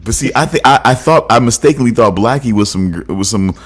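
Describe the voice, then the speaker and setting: A man's voice: medium pitch, expressive, fast talker. A man co-hosting a podcast, teasing his co-hosts in casual banter with lots of stammered restarts. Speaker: podcast co-host.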